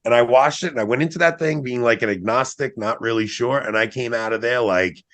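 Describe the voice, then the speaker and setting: A man's voice: medium pitch, fairly quick. A man in his forties telling a personal story in casual podcast conversation, acting out what he once said. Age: 40s. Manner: animated, acts out his own past quotes.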